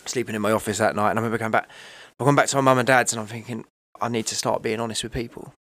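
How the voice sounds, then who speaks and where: A man's voice: on the low side, fairly even intonation, rapid-fire, a bit bright. A man, telling his own story in a candid, emotional, rambling way, often asking "right?" and "you know". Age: 30s. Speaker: podcast guest.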